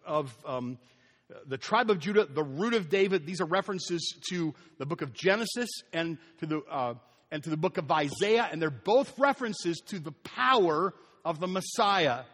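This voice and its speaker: A pastor with a high voice delivers an animated sermon in a church at a moderate pace, acting out the story and at times dropping to a near whisper. Long reverb from the large hall rings around his voice.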